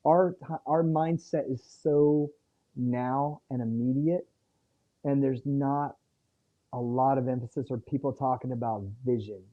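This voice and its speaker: A man's voice: mid-range voice, fairly even intonation, unhurried. A man appearing as a guest author, telling a personal story in an earnest, reflective way and chatting casually. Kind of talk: casual interview chat. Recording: dull lo-fi sound.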